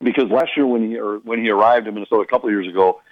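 A man who works as a hockey broadcaster, chatting casually on a radio show and telling anecdotes with quick imitations of the people he quotes. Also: fairly low pitch, no echo, dull audio. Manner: storytelling, mimics others' voices in quotes.

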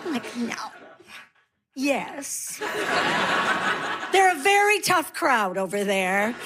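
Woman in her sixties, high voice, dry self-mocking stand-up delivery. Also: very animated, very slow, very noisy. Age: 60s. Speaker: stand-up comedian. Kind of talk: stand-up comedy set. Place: live comedy stage before an audience.

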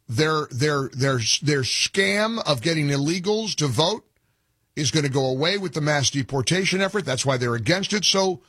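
A male talk radio host with a husky, somewhat high voice, recorded dry and close. He talks in a combative, sarcastic way, firing off questions and jabs at opponents. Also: a bit bright, no room sound. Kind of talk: opinionated call-in talk radio.

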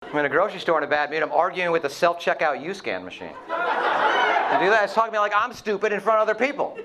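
A man doing a stand-up comedy set, telling a story in a quick, exasperated way. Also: high-pitched, expressive. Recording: loud crowd, heavy noise, live venue.

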